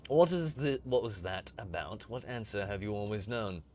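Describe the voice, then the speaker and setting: A man's voice: lowish voice, animated, moderate pace, a little mellow, slight background noise, natural voice. A man reading a troubled noblewoman heir.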